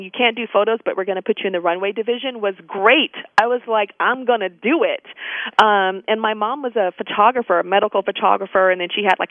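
A middle-aged woman, an interview guest, telling stories with animated delivery and acted-out quotes. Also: mid-range voice, no room sound. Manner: animated storyteller, acts out quoted voices. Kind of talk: casual interview storytelling. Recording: tinny phone line, dry.

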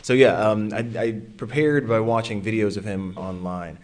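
An actor answering interview questions in a relaxed, halting way. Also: male voice, on the low side.

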